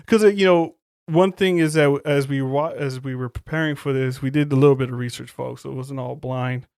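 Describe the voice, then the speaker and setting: A man's voice: mid-range voice, steady tone, creaky, darkish tone, smooth, no echo, studio quality. A man co-hosting a podcast, recapping a film in loose, profane casual chat. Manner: loose, profane movie recap with quick quoted voices. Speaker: podcast co-host.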